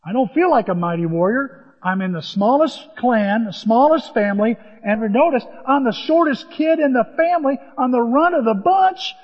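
A man's voice: very high voice, animated, normal speed, breathy edge, pitched above the performer's own voice, exaggerated voice. A preacher voicing Gideon, a timid young farmer who protests that he is small and weak. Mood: protesting. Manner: protesting, self-deprecating. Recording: long hall reverb, dull lo-fi.

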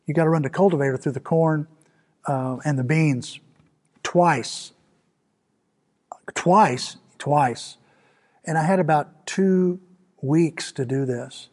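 A male pastor delivers a storytelling sermon with a husky, somewhat high voice. He talks earnestly and repeats key phrases. His emphasis rises in sudden swells. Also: slow pace, pauses often, a little mellow.

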